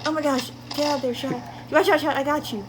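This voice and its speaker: A woman's voice: high-pitched, steady tone, a little fast, background noise. A young woman co-hosting a casual gameplay video with her brother, giggling and laughing through her lines. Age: young adult. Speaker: gaming channel co-host. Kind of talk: casual sibling gameplay banter. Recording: loud background music.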